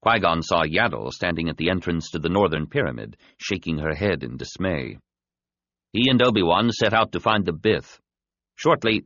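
A man narrating a science fiction novel in an expressive, dramatic reading. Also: low voice, no echo. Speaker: audiobook narrator. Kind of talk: scripted narration. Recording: slightly dull, dry studio recording.

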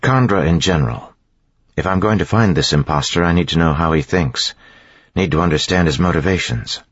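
A man's voice: deep voice, brisk, breathy edge, no echo, highs cut off, voice pushed up. A man doing a restless, pressing young woman. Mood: probing. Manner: pressing questions, impatient.

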